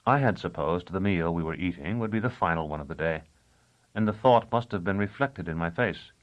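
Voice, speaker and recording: A man with a low voice reads a novel aloud in the first person, in even, deliberate storytelling. The recording is dull and lo-fi. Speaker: audiobook narrator. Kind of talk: first-person scripted narration.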